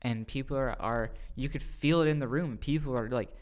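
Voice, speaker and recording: A man, a youth pastor, telling a retreat story on a podcast in a casual, excited way, often repeating his words. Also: mid-range voice, a little fast.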